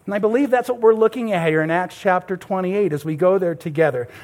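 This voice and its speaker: A man's voice: high voice, quick pace, a little mellow. A middle-aged man preaching a sermon to a church congregation, telling a story and calling his listeners beloved. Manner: storytelling, addresses the crowd as beloved. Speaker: pastor.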